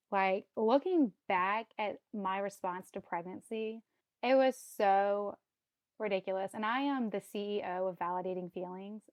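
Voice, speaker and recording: A woman's voice: medium pitch, no echo, studio quality. A woman in her thirties telling her own story as a podcast guest, acting out her past reactions and laughing often. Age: 30s. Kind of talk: casual storytelling.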